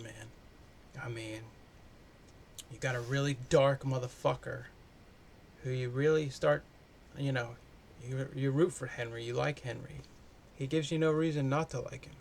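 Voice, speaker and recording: A man's voice: mid-range voice, steady tone, moderate pace, creaky, slight background noise. Casual, profane man reviewing a movie. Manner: loose, profane, chatty.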